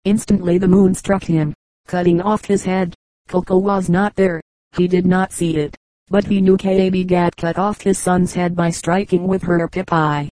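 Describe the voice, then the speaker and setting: Calm, even-voiced woman reading folk tales. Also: lowish voice, moderate pace, no echo, rough recording. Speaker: audiobook reader. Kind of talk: scripted narration of folk tales.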